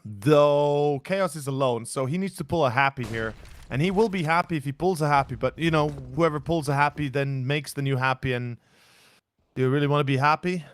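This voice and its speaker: Excitable man on esports color commentary. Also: fairly high pitch, moderate pace, dry recording. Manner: excitable, playful. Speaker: esports co-caster.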